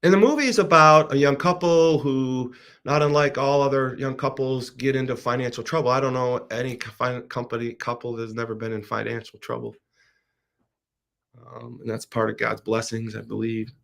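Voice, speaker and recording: A middle-aged man with a gravelly, fry-edged voice recounts a movie in a loose, animated monologue. He trips and restarts on words as he goes, speaking as the host of his own show at a medium pitch. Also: normal speed. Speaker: podcast host. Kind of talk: casual storytelling monologue.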